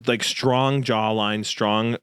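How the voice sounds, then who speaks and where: Podcast host, man in his thirties, low voice, dry close studio sound, animated storyteller who acts out the voices. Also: slow pace, clear, resonant tone, no echo. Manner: animated storyteller acting out quoted dialogue. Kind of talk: casual storytelling chat.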